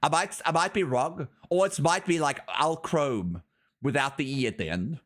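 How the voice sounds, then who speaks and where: Loopy streamer dude on allergy meds, drowsy, super bright voice, rambles and sings random stuff at chat. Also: male voice, on the high side, expressive, moderate pace. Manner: goofy and rambling, breaks into sing-song chants. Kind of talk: casual live-stream chat with viewers.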